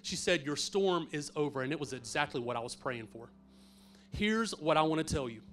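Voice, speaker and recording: A middle-aged pastor telling a personal faith story in a sermon, earnest and swinging from hushed to emphatic. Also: male voice, fairly high pitch, animated, brisk, faint music behind.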